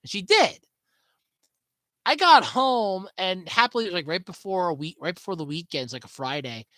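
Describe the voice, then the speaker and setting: A woman hosts a casual solo podcast and talks in a chatty, sarcastic way. Her pitch swings widely as she stresses her points. The sound is dry and close, with no room echo. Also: lively intonation, normal speed, a bit bright. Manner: chatty and sarcastic, with swooping emphasis. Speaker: podcast host.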